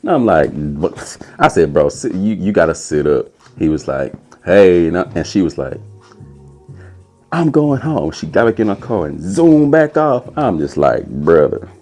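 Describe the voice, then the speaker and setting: A young man telling a casual, animated story as a podcast host, putting on a high voice for quotes. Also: moderate pace, faint music behind.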